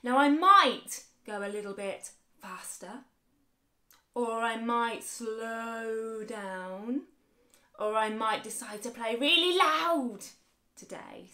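High-voiced upbeat woman teacher. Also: pushed and bright. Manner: upbeat, encouraging, speaks slowly and clearly to young children. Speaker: music teacher. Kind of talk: children's music lesson.

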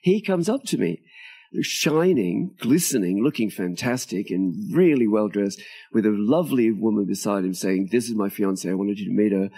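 Older man, dark husky voice, animated storyteller. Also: on the low side, moderate pace. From Australia. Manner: animated storyteller, acts out quoted dialogue, laughs often. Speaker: interview guest, author. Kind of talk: storytelling in conversation. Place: outdoors at a tropical home near a beach.

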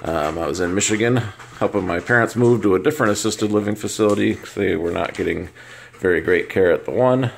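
A middle-aged man vlogging casually from his couch, talking warmly and doting on his dogs. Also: lowish voice, a little fast, creaky, slight background noise. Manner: warm, doting baby talk to his dogs. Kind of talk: casual home vlog. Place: home living room couch.

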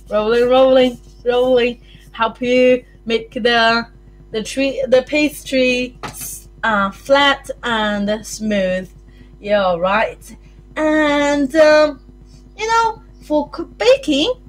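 Sing-song New Zealand woman teaching small children. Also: high-pitched. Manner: sing-song, animated, talks to children with frequent "yum, yum". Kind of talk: circle time lesson for young children.

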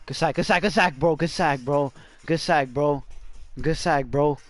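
A man streaming a game live, shouting and swearing excitedly, repeating phrases over and over. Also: on the high side, measured pace, no echo, soft background music. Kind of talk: hyped live gaming commentary.

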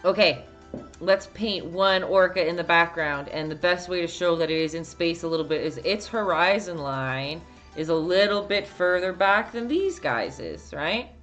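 Low-voiced chatty Canadian woman. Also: normal speed, a bit bright, dull audio, soft background music. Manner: chatty, answers viewer chat, laughs often. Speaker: painting instructor. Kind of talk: casual live-stream painting lesson.

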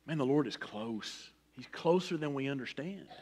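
A middle-aged man preaching a sermon in a folksy, personal way, swinging from loud emphasis to a hushed near-whisper. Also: medium pitch, expressive, normal speed. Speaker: pastor.

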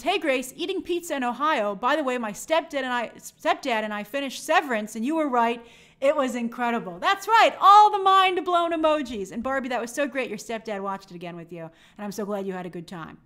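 A woman's voice: high-pitched, a bit bright. A young woman hosting a movie live stream, chatting upbeat and reading out viewer comments.

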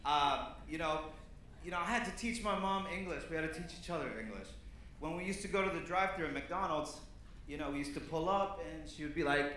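A man's voice: on the high side, brisk, pushed and bright, heavy reverb, a little hiss or hum. A man in his thirties, originally from Peru, doing a stand-up set in a comedy club with a loose, rambling delivery full of fillers. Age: 30s.

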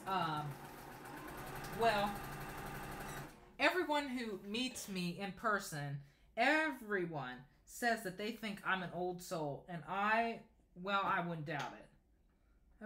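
A man's voice: high-pitched, lively intonation, slow, pauses often, pushed and bright, reverberant, a little hiss or hum. A young man in his late teens hosting a casual sewing livestream, chatting and reading viewer comments aloud as he answers them. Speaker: sewing channel host. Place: home sewing room.

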